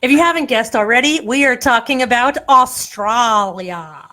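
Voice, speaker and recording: A woman's voice: on the high side, moderate pace, pushed and bright. A woman hosting a casual chat show, joking around and quizzing her co-hosts with trivia. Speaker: podcast host.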